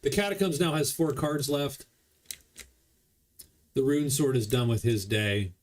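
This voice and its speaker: A man casually commenting as he plays a board game solo, explaining the rules as he goes. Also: fairly high pitch. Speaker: board game player streaming a solo playthrough.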